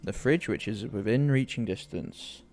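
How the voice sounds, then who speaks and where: A man's voice: on the low side, expressive, moderate pace, vocal fry, a little mellow, soft background music. A man from the UK chatting casually and rambling to viewers while streaming a game, often joking at his own expense. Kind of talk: casual live-stream commentary.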